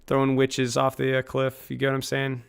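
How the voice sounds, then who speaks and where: A man's voice: mid-range voice, monotone, normal speed, creaky, clear, resonant tone. A man streaming live, chatting casually with his viewers in a joking, rambling way and laughing at his own lines.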